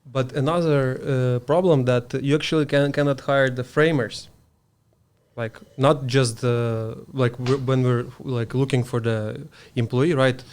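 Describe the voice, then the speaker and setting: Man, podcast guest, halting speech, frequent restarts, casual. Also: medium pitch, fairly even intonation, darkish tone. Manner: halting, restarts often while searching for words. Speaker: framing company co-owner, guest.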